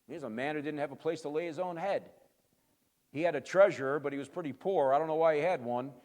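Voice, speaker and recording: A male pastor giving an emphatic sermon, swinging between quiet and loud and answering his own rhetorical questions. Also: fairly high pitch, quick pace, in a large hall.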